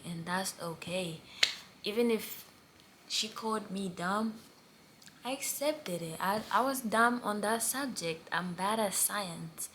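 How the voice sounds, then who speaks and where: A young woman, a college student, telling a personal story in a casual vlog, speaking softly and half-whispered and rambling with many fillers. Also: medium pitch, slight background noise. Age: young adult. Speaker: student vlogger.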